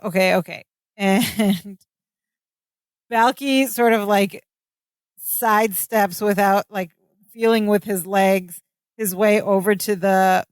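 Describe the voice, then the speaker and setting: A woman's voice: medium pitch, no room sound, clean studio sound. A woman co-hosting a podcast, casually retelling sitcom scenes and quoting the characters. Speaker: podcast co-host. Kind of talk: casual chat recapping a sitcom episode.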